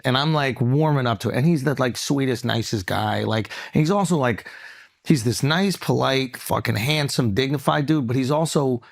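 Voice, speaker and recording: A man's voice: medium pitch, gravelly. A man telling a comic story as a podcast host, acting out the other people in it and laughing often. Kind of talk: comedic storytelling. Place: podcast studio.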